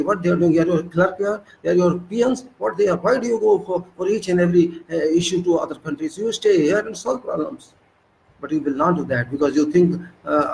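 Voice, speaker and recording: A man's voice: sits high, vocal fry, a little mellow, a little hiss or hum, poor audio. A man with an Indian English accent delivering an indignant political monologue, lecturing and often restarting his words. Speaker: political commentator. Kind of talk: monologue commentary.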